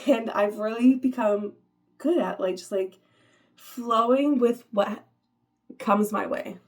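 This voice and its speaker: A woman vlogger gives her viewers a casual, upbeat motivational talk in a mid-range voice with a darkish tone. She's chatty, laughs often and fills her speech with "like."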